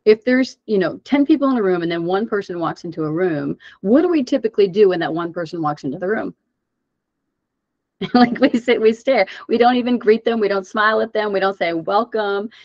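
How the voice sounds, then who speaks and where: A woman presenting a webinar for coaches. She speaks in an animated, conversational way and asks the audience many rhetorical questions. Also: mid-range voice, fairly quick, no room sound. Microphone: video call mic. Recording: dull, dry webinar audio.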